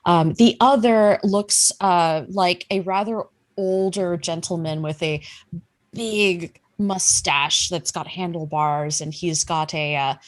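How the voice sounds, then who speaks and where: A woman's voice: on the low side, steady tone, slow pace, dry recording. A woman running a tabletop game, narrating with fillers and frequent laughs. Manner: hesitant, giggly, many fillers. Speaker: game master.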